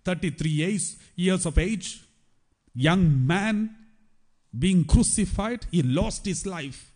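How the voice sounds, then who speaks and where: Priest preaching, high voice, keeps repeating for emphasis. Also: male voice, takes it slowly, a little mellow. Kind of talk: sermon.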